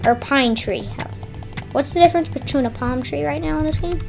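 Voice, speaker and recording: A woman's voice: sits high, moderate pace, creaky, darkish tone, soft background music. A woman giving casual, chatty commentary on her own gameplay, talking to herself and yelping when surprised. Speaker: gameplay streamer.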